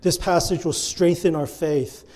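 A man delivers a sermon in an earnest preaching style, circling back to his key phrases again and again. His voice sits a little high yet sounds warm and mellow. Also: fairly even intonation, measured pace. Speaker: pastor.

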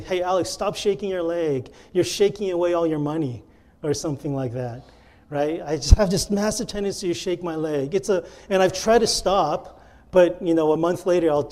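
A man's voice: a little high, dark tone. A male pastor preaching a sermon and acting out the lines he quotes with earnest emphasis.

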